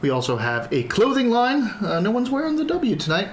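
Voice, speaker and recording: A man acting as game master at a tabletop game, his voice a little high for a man. He talks casually and jokes between scenes. The room is echoey, with a faint hiss behind him. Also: huge pitch swings, fairly quick. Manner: joking, voices a noble woman in quotes. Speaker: dungeon master. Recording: echoey room with background noise.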